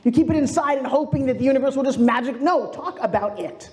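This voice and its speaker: Middle-aged female keynote speaker, animated storyteller, mellow tone, roomy echo. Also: high voice, quick pace, few pauses. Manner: animated storytelling, acts out quoted voices. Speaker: motivational speaker. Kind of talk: motivational keynote speech. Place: stage in a large room.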